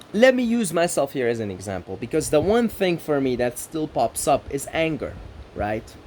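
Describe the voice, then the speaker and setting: A Middle Eastern man delivers an earnest, reflective self-help monologue as a spiritual speaker, often checking in with "right?" and building rhythmic lists. His voice sits on the high side, with a slight hiss or hum.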